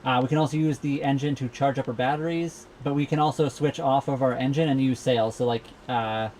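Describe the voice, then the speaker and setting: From the cabin of a marina-docked sailboat, a young Canadian from Saskatchewan hosts a casual live Q&A at a brisk pace. His darkish, medium-pitched voice stays fairly even as he rambles along, easygoing and heavy on fillers. The recording carries a faint hiss or hum.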